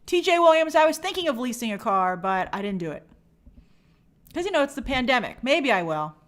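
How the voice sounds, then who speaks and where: A woman's voice: high-pitched, moderate pace, pauses often. A woman hosting a casual livestream, reading viewer comments aloud and answering them chattily. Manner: animated, bubbly sign-offs. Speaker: host.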